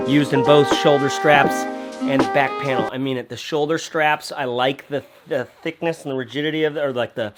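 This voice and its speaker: A man's voice: medium pitch, steady tone, brisk, over loud music. A man casually reviewing a backpack in a vlog, chatty and rambling, often restarting his sentences. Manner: rambling, self-correcting, chatty. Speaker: gear reviewer. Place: friend's workspace, indoors.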